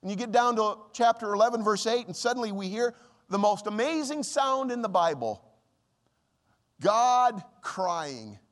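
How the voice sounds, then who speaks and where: Here a pastor delivers an impassioned sermon in a big-sounding room, his voice swinging dramatically up and down as he speaks for God. It sits high and a bit bright, with lively intonation and a measured pace.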